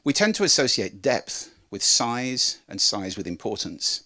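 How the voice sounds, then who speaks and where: A man presenting a talk on how to speak, demonstrating with lively changes of pitch and volume. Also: a little slow. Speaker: speaker on voice and communication.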